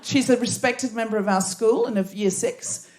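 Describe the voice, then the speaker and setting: Aussie lady hosting live comedy show, high voice, chatty and giggly with the crowd. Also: normal speed, background noise. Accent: Australian. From Australia. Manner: animated, laughing, riffing with audience. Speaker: comedy podcast host. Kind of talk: live stand-up crowd work. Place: theatre stage before a live audience.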